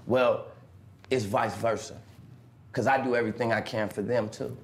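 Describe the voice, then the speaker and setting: A man's voice: medium pitch, steady tone, normal speed, reverberant. A man being interviewed, telling stories with lots of swearing and acting out other people's voices. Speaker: interviewed pimp. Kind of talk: animated storytelling. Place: interview clip played on a stream.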